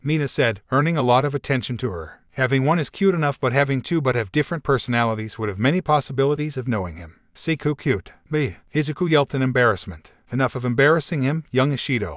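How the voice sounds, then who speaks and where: Guy reading a fan story out loud, flat and even, dry close sound. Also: medium pitch, no room sound. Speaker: narrator. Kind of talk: reading fan fiction aloud.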